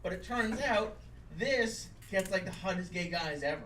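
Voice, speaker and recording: A man's voice: high voice, lively intonation, moderate pace, sharp tone. Rambling young man doing stand-up in an echoey room. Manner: self-deprecating, rambling with many fillers. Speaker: stand-up comedian. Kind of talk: live stand-up set. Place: comedy venue with live audience. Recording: roomy live room, far from the mic, noisy. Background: audience laughter.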